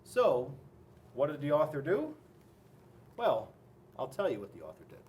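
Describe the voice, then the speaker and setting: A man's voice: a little high, moderate pace, far from the mic, a little hiss or hum. A man, a police officer, reading a children's picture book aloud in a playful, exaggerated way. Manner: playful, animated, exaggerated storyteller. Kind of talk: children's storybook read-aloud.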